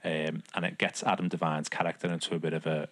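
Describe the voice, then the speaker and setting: Man, very low voice, dry close sound, casual rambling podcast chat. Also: fast, dry recording. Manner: relaxed and rambling, with many fillers and restarts. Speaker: podcast co-host.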